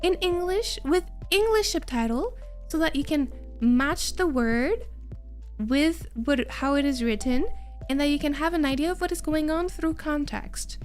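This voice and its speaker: High-voiced young woman with a mild Quebec French accent. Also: measured pace, darkish tone, soft background music. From Quebec, Canada. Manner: chatty, laughs often, trails off and restarts. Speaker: streamer. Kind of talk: casual chat with viewers.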